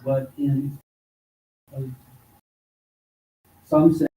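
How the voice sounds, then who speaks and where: Slow, dark-voiced man teaching in an echoey hall. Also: mid-range voice, steady tone. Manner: slow, conversational, repeats words for emphasis. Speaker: teacher at a mosque study class. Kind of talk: informal religious study lesson. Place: mosque hall. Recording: echoey hall, distant mic, faint noise.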